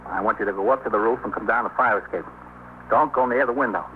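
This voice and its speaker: An actor playing a police sergeant who calmly gives orders and coaxes an armed man to open the door, in 1950s radio drama style. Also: lowish voice, quick pace, close to an everyday voice. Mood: commanding. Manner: calm, firm, coaxing. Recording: tinny old radio broadcast with faint hiss.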